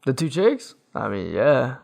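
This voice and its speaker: A man on a casual podcast, answering bluntly and rambling loosely with plenty of "like"s. His mid-range voice has a gravelly, fry-laced edge. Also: mid-range voice, sing-song, a little slow, darkish tone. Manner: laid-back, blunt, lots of "like" fillers. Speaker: podcast co-host. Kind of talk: casual chat.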